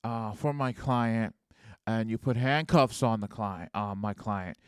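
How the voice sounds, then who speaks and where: A man's voice: on the low side, measured pace, clear, resonant tone, no room sound, clean studio sound, natural voice. A man acting out a pushy male lawyer who questions a witness in pointed, interrogating turns. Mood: pressing.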